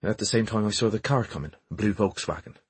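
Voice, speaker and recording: A man's voice: lowish voice, quick pace, breathy edge, dry recording. A man voicing a serious Irish nanny in her thirties, telling her story earnestly. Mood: recounting.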